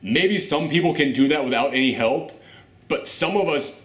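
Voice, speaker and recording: A man voicing a female presidential advisor, speaking low, hushed and earnest. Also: animated, normal speed. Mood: pleading. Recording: roomy echo.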